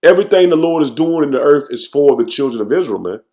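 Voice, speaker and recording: A man teaching scripture informally, tagging nearly every phrase with "man" and reading verses slowly with restarts. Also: a little high, lively intonation, mellow. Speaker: preacher.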